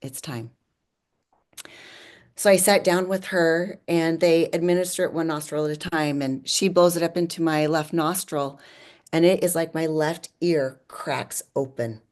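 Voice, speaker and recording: Low-voiced woman telling a personal story. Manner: animated, often says "like" and laughs. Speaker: podcast guest.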